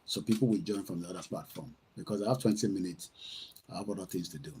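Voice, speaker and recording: A man's voice: deep voice, quick pace, mellow, slight background noise. A middle-aged man with a Nigerian accent hosting a casual livestream from home, rambling and slipping between English, Yoruba and Pidgin. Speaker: livestream host.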